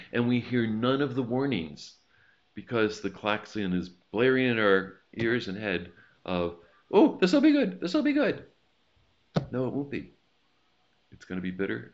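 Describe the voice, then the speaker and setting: A man preaching a sermon in a relaxed, conversational way, with asides and a told joke. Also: on the low side. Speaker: pastor. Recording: slightly dull lo-fi recording.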